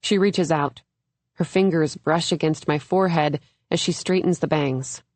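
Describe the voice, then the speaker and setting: A young adult woman reading a first-person thriller audiobook in a measured, even storytelling manner. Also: low-pitched, no echo. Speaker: audiobook narrator. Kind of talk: scripted first-person narration.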